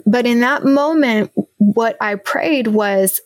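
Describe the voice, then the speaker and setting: A young adult woman speaking earnestly and reflectively in a candid faith conversation, with soft laughs and a teary edge. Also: a little high, slow, dry recording.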